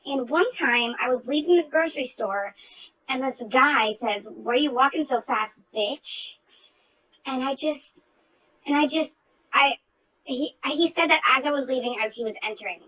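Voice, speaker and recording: Woman, bright higher voice, heated outspoken storyteller, loose chatty delivery with fillers. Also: normal speed, low-quality recording. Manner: outspoken and profane. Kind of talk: casual group chat.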